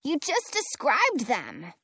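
Brief: woman voicing a plucky storybook girl, lively pitch, unhurried. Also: slightly rough, no echo, studio quality, heavily acted. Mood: earnest. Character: brave, determined young girl.

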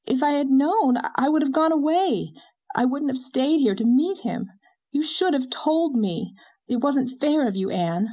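A woman's voice: high-pitched, lively intonation, unhurried, a little mellow, voice pushed up. A woman voicing a young woman who pleads with her friend in a passionate, reproachful way. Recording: dull lo-fi recording.

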